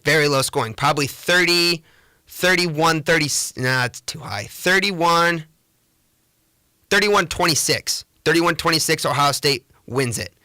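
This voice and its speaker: Bright-voiced young man, chatty podcast host. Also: on the high side, measured pace, no echo. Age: young adult. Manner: chatty, rambling, self-correcting; excitable sports opinions. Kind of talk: casual solo podcast monologue.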